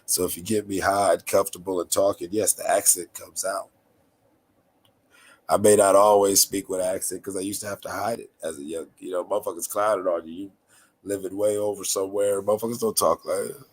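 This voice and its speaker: A man from North Carolina with a raspy, nasal voice, chatting casually as a podcast host in a laid-back, rambling, slangy way. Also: low voice, steady tone, fairly quick. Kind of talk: casual chat.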